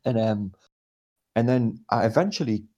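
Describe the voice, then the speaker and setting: A man's voice: on the low side, normal speed, warm tone, dull audio. A young man casually telling a rowdy anecdote, swearing a lot and acting out quotes. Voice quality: gravelly, husky. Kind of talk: casual storytelling chat.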